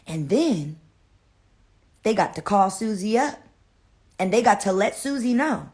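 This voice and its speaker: A woman telling a story on a phone livestream, speaking into her phone at a medium pitch. Her delivery is playful and dramatic as she builds the tale. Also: lively intonation, unhurried, pauses often, darkish tone. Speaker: social media personality.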